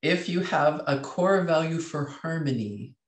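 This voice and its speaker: Male coach, webinar host, lively, reads chat aloud, echoey room. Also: fairly high pitch, unhurried. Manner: lively, reads out chat comments, acts out inner voices. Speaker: leadership coach. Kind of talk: webinar teaching.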